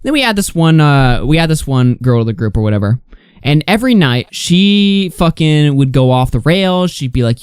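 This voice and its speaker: A man's voice: animated, fast talker, darkish tone, clear, resonant tone, no room sound, studio quality. A young man hosting a talk show, ranting heatedly with lots of swearing. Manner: heated, profane, mocks others in high whiny voices. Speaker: podcast host.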